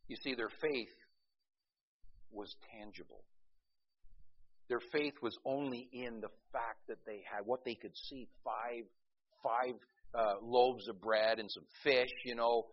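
A male pastor preaching a sermon, swinging between loud urgency and quiet intensity, with folksy asides and frequent restarts. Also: mid-range voice, steady tone, slow pace, long pauses, breathy edge, lo-fi sound.

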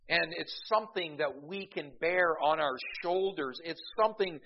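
A man's voice: fairly high pitch, moderate pace, gravelly, highs cut off. A man preaching a sermon as a pastor, telling humorous anecdotes and calling out to the congregation for amens.

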